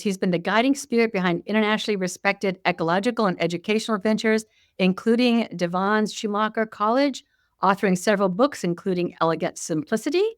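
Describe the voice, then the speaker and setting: A woman's voice: medium pitch, no echo, studio quality. A woman hosting an interview, introducing her guest with enthusiasm. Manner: warm-hearted, enthusiastic. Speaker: host.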